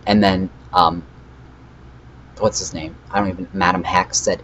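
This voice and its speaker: A teenage boy with a low voice rambles through a storytime vlog, filling gaps with "um" and reading chat messages in a flat tone. The recording sounds slightly dull and muffled. A faint hiss sits under the voice. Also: normal speed. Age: teens. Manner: rambling, reads out chat messages flatly, frequent fillers. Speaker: vlogger. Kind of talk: casual storytime recap.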